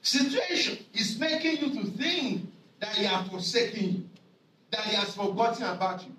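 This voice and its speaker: Male preacher, high lively voice, emphatic repetition, echoey hall from a distance. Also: a little hiss or hum. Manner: emphatic, repeats scripture phrases slowly for stress. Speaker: pastor. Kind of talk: sermon.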